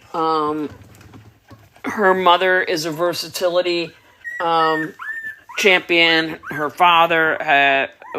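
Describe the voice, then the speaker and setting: A woman's voice: on the low side, pushed and bright, a little hiss or hum. A woman dog breeder chatting casually on a livestream, answering viewer comments while tending puppies.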